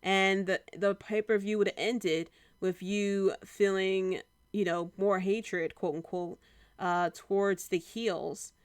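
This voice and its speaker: Chatty young woman with a smooth, dry voice. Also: mid-range voice, slow, dry recording. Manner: chatty, many fillers, quotes people in animated bursts. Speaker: podcast host reviewing wrestling. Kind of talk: casual solo review.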